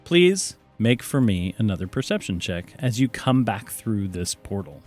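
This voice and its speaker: A man's voice: fairly low pitch, big pitch swings, darkish tone, faint music behind. Playful man running a tabletop game. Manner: brisk, playful narration. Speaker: game master.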